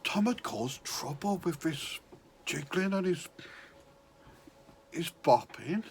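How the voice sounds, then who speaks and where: A man's voice: a little high, expressive, takes it slowly, slight background noise. A man telling a rambling, self-mocking story about his childhood. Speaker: comedian. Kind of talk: confessional storytelling.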